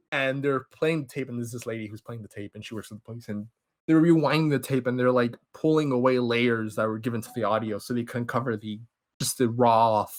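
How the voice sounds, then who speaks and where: A young man hosting a podcast, giving an excited, rambling movie recap and acting out characters' lines. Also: medium pitch. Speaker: podcast host.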